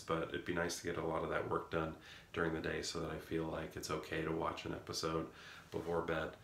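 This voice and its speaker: A man's voice: low voice, creaky, fairly bright tone. A man, chatting casually in a vlog and rambling as he corrects himself. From rural Midwest of the US. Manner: rambling, musing, self-correcting. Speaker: vlogger. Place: indoor room. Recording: echoey room with faint noise.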